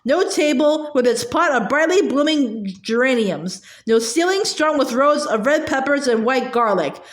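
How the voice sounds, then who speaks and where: A woman reading a novel aloud, halting often with fillers and restarts. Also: high-pitched, animated, roomy sound. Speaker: audiobook reader.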